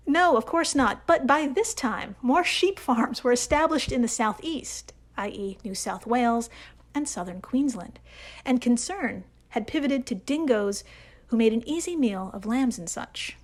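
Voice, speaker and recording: A woman hosts a comedic science podcast. She talks in a fairly high voice and delivers facts with playful, jokey asides. Her emphasis swoops up and down for comic effect. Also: expressive, moderate pace. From United States. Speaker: podcast host.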